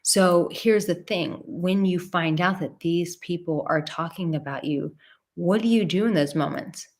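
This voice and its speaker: Blunt, animated woman giving advice. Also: on the low side, a little slow. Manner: blunt and animated, acts out quoted voices, swears. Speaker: relationship advice host. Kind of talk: live-stream advice talk.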